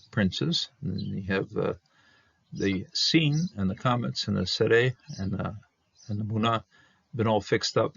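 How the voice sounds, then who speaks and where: A man explaining a Hebrew Bible manuscript, halting with many fillers and restarts as he reads words slowly. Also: fairly low pitch, a bit bright, no room sound. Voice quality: gravelly and husky. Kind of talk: unscripted explanatory study talk. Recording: dull lo-fi dry recording.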